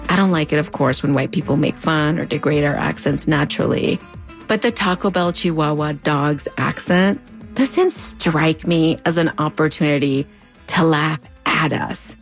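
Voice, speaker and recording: A woman's voice: low-pitched, moderate pace, soft background music. A woman with a US-Mexico border accent narrating a video essay in a conversational, wry way. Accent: US-Mexico border Spanish-tinged English. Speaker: host.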